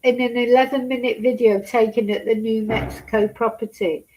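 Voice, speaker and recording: A woman with a fairly high, steady, soft-spoken voice reads a news story aloud for her vlog at a moderate pace. She adds hesitant personal asides, uses many fillers and gets upset along the way. The audio has its highs cut off.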